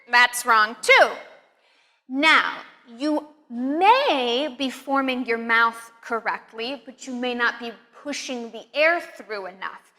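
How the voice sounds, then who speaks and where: Bright, high-voiced woman teaching pronunciation. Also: lively intonation, takes it slowly, big-room sound. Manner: upbeat, encouraging, demonstrative. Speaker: accent teacher. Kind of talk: pronunciation lesson.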